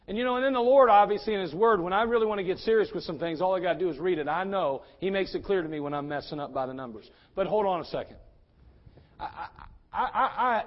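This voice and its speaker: Male pastor, high voice, fiery sermon delivery, muffled lo-fi sound. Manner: fiery, swings from quiet to shouting.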